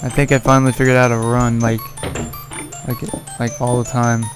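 A man's voice: mid-range voice, flat delivery, moderate pace, over music. Cursing, exasperated male gamer. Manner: profane, exasperated, yelling at the game character. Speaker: let's play gamer. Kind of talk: casual gameplay commentary.

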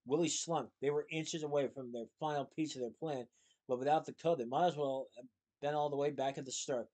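A man's voice: a little high, fairly quick. Man reading a children's novel aloud. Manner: plain, steady storytelling. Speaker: reader.

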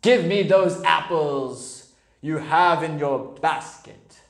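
A woman voicing a pushy kangaroo that makes loud, slow, punchy threats. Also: deep voice, reverberant. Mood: threatening.

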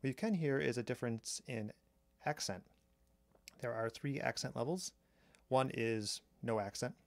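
A man calmly explaining a drum machine's sounds step by step, pausing between phrases as he demonstrates. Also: mid-range voice, creaky. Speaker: synth reviewer. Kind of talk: technical demo narration. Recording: strong mains hum on the mic.

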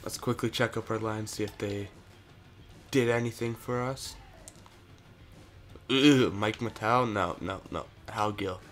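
A man's voice: on the low side, measured pace, long pauses, soft background music. A young man casually commentating a hockey management game, cheering and cursing at how it plays out. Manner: excitable, cheers and curses at the game. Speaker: gaming commentator.

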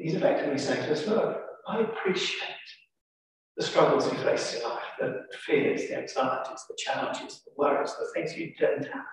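A man with an English accent preaching a sermon, telling a story with dramatic emphasis. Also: a little high. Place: large church. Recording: echoey church from far off.

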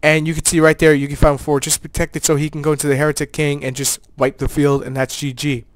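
A man's voice: on the high side, flat delivery, fast, no echo. A man giving casual, joking commentary over a card game he played, with laid-back gamer slang. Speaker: player and channel host.

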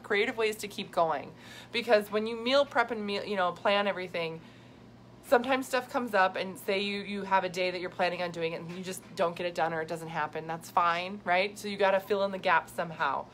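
A woman's voice: on the low side, a bit bright. A middle-aged woman chatting casually and upbeat with viewers on a live video, laughing often as a health coach. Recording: faint background noise.

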